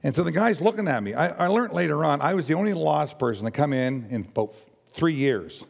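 An older man giving a personal testimony in a halting, earnest way with many restarts. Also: fairly high pitch, expressive, creaky. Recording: long hall reverb.

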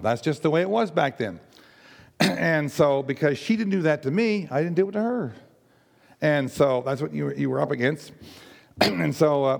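Older guy telling his story, gravelly voice, halting and earnest, big echoey hall. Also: mid-range voice, darkish tone. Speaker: speaker giving testimony. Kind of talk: personal testimony. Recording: long hall reverb.

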